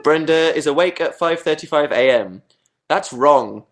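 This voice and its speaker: A man's voice: fairly high pitch, animated, moderate pace. A young Englishman with an English accent, chatting casually to viewers on a webcam livestream, self-mocking and rambling. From England. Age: young adult. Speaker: host.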